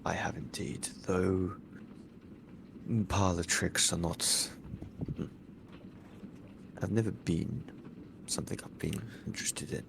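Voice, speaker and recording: A man playing a chivalrous gentleman officer in a tabletop game, speaking with formal, clipped courtesy. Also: low voice, steady tone, takes it slowly, vocal fry, pauses often, noisy background. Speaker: player. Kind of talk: in-character tabletop role-play.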